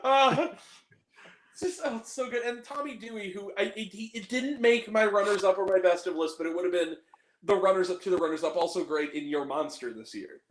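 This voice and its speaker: High-voiced man chatting about films. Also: brisk, echoey room, slight background noise. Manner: animated, quotes movie lines in put-on voices. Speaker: podcast host. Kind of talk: casual film chat.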